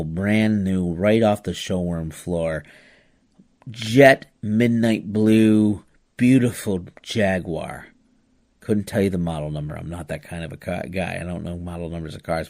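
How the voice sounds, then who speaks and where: A man hosting a podcast, telling a personal story in a casual, animated way, full of "you know" asides and restarts. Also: low-pitched.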